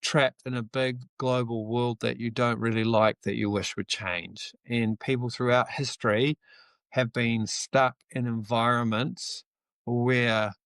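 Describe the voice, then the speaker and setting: A man's voice: mid-range voice, steady tone, measured pace, fairly bright tone, smooth, no room sound. A middle-aged man from New Zealand with a New Zealand accent, giving an earnest, reflective motivational talk on a live stream, with the odd casual swear. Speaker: livestream host.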